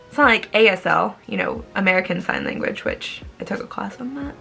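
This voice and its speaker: A young woman, an online English teacher, explaining in a casual, bubbly, animated way and acting out words. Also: mid-range voice, brisk, gravelly, faint music behind.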